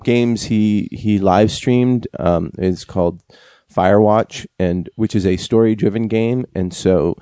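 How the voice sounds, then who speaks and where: A man co-hosting a casual podcast, talking haltingly with lots of fillers and restarts. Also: lowish voice, mellow, dry recording, studio quality. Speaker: podcast co-host.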